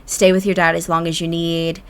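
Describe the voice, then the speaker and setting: A woman voicing a calm, supportive husband on a phone call in her own voice, reassuring. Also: on the low side, a little fast, smooth, close to an everyday voice.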